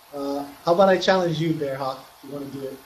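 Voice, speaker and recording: A man answering stream questions for a game company, careful and hedging, with fillers. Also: fairly high pitch. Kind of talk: casual Q&A answers. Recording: roomy sound with faint background hiss.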